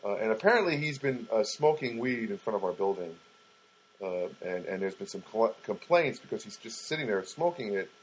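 A man's voice: lowish voice, animated, fairly quick, husky, poor audio. A man telling a rambling, casual story about his week, with frequent restarts.

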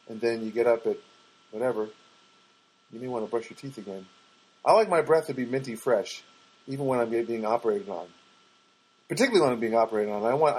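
A man hosting his own podcast, telling a rambling, self-mocking story in a relaxed, casual way. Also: husky, poor audio. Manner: rambling, self-mocking, mimics others in a high voice. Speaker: podcast host and stand-up comic. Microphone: podcast microphone.

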